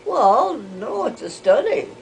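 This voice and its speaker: An older woman telling rambling family stories, halting with frequent restarts. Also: high voice, sing-song, creaky, a little hiss or hum, poor audio. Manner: hesitant, halting, with many restarts. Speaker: interviewee.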